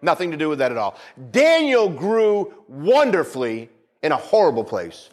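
Lively, emphatic male preacher. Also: on the high side, normal speed. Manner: emphatic, repeats phrases, calls for "Amen?" responses. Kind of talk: sermon.

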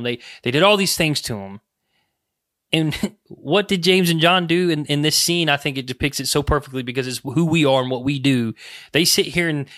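A man preaching a podcast sermon, earnest and pleading, rising loud on key phrases. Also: a little high, dry recording, clean studio sound.

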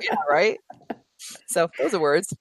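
A woman co-hosting a writing podcast, chatting casually and laughing at herself in quick bursts. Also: fairly low pitch, sing-song, no room sound, poor audio. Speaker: podcast co-host and writer. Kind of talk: casual chat.

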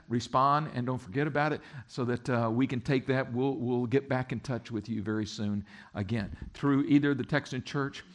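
Man preaching a lively sermon. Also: mid-range voice. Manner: lively, jokes with the congregation. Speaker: pastor.

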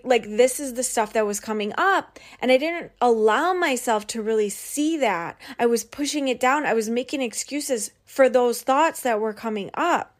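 A young woman hosting her podcast, telling a personal story in a candid, animated way and often swearing. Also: a little high, normal speed, hardly any pauses. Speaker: podcast host and business coach. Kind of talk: casual personal monologue.

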